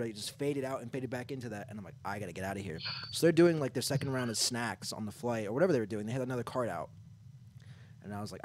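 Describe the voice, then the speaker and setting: A man's voice: mid-range voice, a little mellow, a little hiss or hum. A man co-hosting a podcast, telling a story in casual chat and padding it with lots of "like" fillers. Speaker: podcast co-host.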